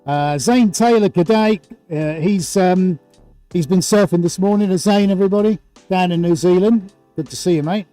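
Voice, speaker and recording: A man's voice: high voice, moderate pace, dark tone, soft background music. A man hosting a live painting stream, chatting playfully and greeting viewers by name. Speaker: livestream host and painter. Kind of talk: casual livestream chat.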